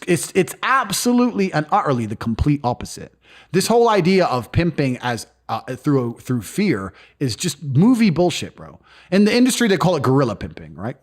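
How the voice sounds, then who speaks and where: A man being interviewed, talking bluntly and boastfully, swearing freely and acting out other people's voices as he tells stories. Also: a little high. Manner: acts out quoted voices of others. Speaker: interview guest. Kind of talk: casual interview talk.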